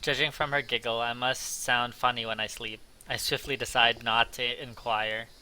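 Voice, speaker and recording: A man's voice: mid-range voice, little pitch movement, moderate pace, sharp tone, poor audio. A man hosting a let's play, reading visual novel narration aloud with casual, jokey asides.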